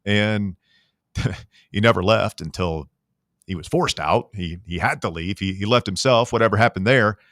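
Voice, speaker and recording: A man's voice: lowish voice, normal speed, fairly bright tone, no room sound, clean studio sound. A man hosting a sports talk radio show in a rambling, jokey, self-deprecating way. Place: radio studio. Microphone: studio microphone.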